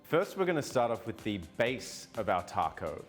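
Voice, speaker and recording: A man's voice: on the low side, very animated, moderate pace, faint music behind. A man, a chef giving playful, chatty cooking instructions. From Australia. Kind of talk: casual cooking demo.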